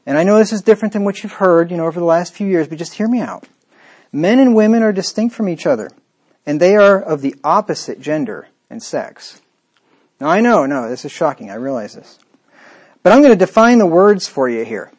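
A man's voice: on the high side, a little mellow. A man preaching a sermon in a scornful, combative way, with frequent rhetorical asides to the listener.

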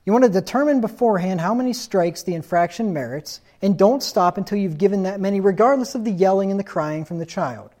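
A man's voice: high-pitched, quick pace, few pauses, darkish tone. A man preaching a sermon in a stern, insistent tone, reading scripture aloud and asking rhetorical questions.

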